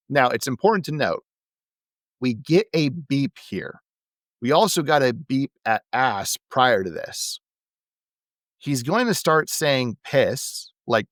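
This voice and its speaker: A man's voice: medium pitch, big pitch swings, takes it slowly, a bit bright, dry recording. Guy on a podcast recapping old wrestling, amused, laughs a lot, dry sound. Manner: amused, laughs between points. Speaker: podcast co-host.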